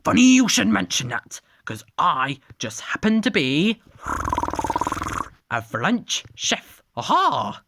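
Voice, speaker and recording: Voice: medium pitch, big pitch swings, normal speed, a bit bright. A storyteller voicing a smug male French chef dinosaur with put-on French flourishes.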